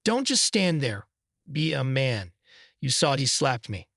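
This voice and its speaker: A man's voice: medium pitch, expressive, moderate pace, vocal fry, fairly bright tone, husky, dry recording, studio quality, exaggerated voice. A man voicing a brash, provocative young wife who talks back in a snappish, defiant way. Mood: angry.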